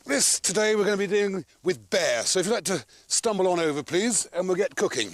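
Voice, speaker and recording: A man's voice: high-pitched, expressive, a little fast, a little hiss or hum. A man hosting a cooking demonstration in an outdoor snow kitchen, bantering theatrically with his crew as he cooks. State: a bit out of breath. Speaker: cooking show host.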